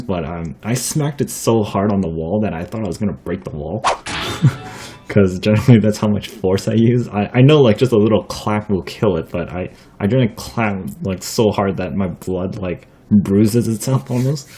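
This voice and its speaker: A young man with a fairly low, husky voice and a soft, dark tone tells rambling stories to camera. He chuckles often, fills gaps with lots of fillers and swears casually. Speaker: vlogger. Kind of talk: casual storytelling vlog.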